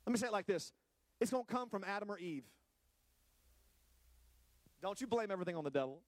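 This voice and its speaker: Male pastor, high voice, dry sound; lively sermon with joking asides, stretches key words. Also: a little fast, no room sound. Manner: animated preaching with playful asides to the congregation.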